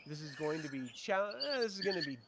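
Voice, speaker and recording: A man's voice: a little high, animated, fast, noisy background. A man running a tabletop game as game master, explaining rules and narrating the action.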